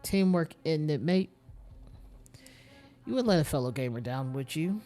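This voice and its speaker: A chummy young gamer lad, put on by a streamer reading game dialogue, pushy and loud. He leans on slang and calls the listener mate, with faint game music behind him. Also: mid-range voice, lively intonation, moderate pace, natural voice.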